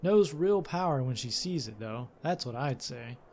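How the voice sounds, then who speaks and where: A man voicing a brusque, grumpy female mechanic in a story game, speaking gruffly and a little louder and higher than his own voice. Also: expressive, normal speed, slight background noise, natural voice. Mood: chatty.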